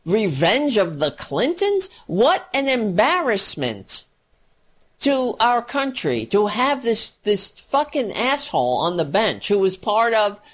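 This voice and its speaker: A woman's voice: mid-range voice, very animated, takes it slowly. A woman filling in as a radio talk host, ranting about politics in a profane, indignant and sarcastic way.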